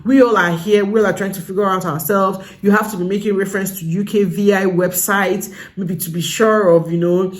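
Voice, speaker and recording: Vlogging in a medium-pitched voice, this young woman speaks with a Nigerian English accent and gives relaxed advice. Emphatic repetition drives each of her points home.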